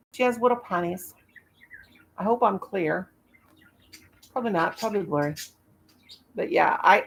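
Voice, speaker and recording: A woman's voice: lowish voice, a bit bright. A woman in her fifties hosting a casual live stream, rambling in a folksy way and laughing at herself. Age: 50s.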